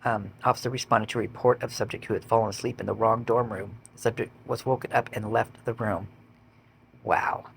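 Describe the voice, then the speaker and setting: A man's voice: on the low side, steady tone, a little fast, vocal fry, a little hiss or hum. A man reading out police call logs and adding blunt, swearing commentary of his own. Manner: blunt, swears when indignant. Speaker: vlogger.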